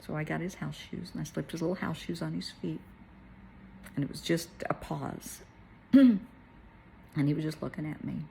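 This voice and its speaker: A middle-aged woman, a therapist, telling a personal story in a soft, tearful way that at times falls to a whisper. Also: deep voice, moderate pace, gravelly, long pauses, a little hiss or hum. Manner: tearful, soft-spoken, drops to a whisper at moments.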